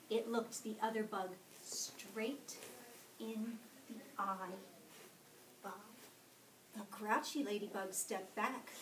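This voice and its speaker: A woman reading a picture book aloud to a kindergarten class, slowly and expressively, often checking in with the children. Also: fairly high pitch, slight background noise. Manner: slow and expressive, asking the children questions. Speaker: storyteller. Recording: echoey classroom from far off.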